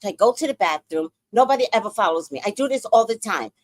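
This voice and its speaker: Animated woman telling a story. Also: fast, no echo. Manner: lively anecdote with acted-out quotes, swings between high and low pitch. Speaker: podcast host.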